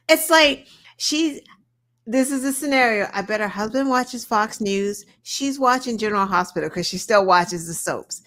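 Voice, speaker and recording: A woman co-hosting a podcast, telling stories in a lively, animated way with swearing. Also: fairly high pitch, moderate pace. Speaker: podcast co-host. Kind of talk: casual chat.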